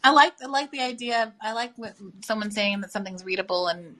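A woman's voice: medium pitch, sharp tone. A woman hosting a live call-in podcast, upbeat and joking with callers. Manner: quick, upbeat, jokey with callers. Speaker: podcast host taking calls. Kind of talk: casual call-in chat.

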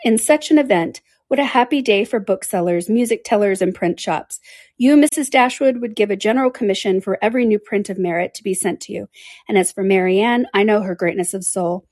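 A woman reading aloud, voicing a reserved, melancholy young man in a quiet, lowered voice. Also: fairly quick, no room sound, close to an everyday voice. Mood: playful.

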